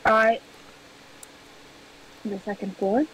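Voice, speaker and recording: A woman streamer chatting casually over a game, joking in a playful, deadpan way. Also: mid-range voice, drawn-out words, far from the mic, slight background noise, low-quality recording. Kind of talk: casual gameplay chat.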